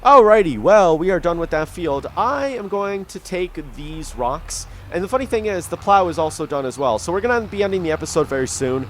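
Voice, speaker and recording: A man talks his way through a farming game in a loose, rambling way, full of ums and small restarts, fighting off the hiccups. His pitch rises and falls a lot as he goes. A faint hiss sits under the voice. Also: lively intonation, a little fast, hardly any pauses, a bit bright. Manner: rambling, easygoing, lots of ums. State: has the hiccups. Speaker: gaming YouTuber. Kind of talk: casual gameplay commentary.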